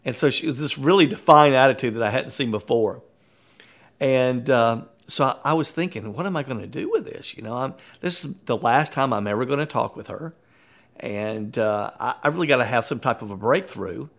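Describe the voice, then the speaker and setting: Gravelly man telling a story. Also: mid-range voice, normal speed. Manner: animated, conversational, chuckles often. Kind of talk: storytelling talk.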